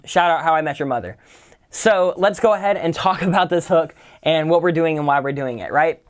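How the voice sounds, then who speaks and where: Man breaking down song lyrics casually. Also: on the high side. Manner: analytical, breaks lyrics down line by line; casual, uses "kind of" and "right?" often. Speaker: songwriting teacher. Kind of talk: lyric-writing tutorial.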